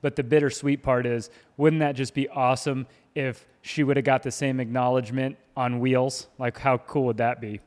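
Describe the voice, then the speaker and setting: A middle-aged man co-hosting a podcast in casual chat, animated, laughing often and stumbling over his first words. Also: medium pitch, normal speed, few pauses. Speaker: podcast co-host. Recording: long hall reverb.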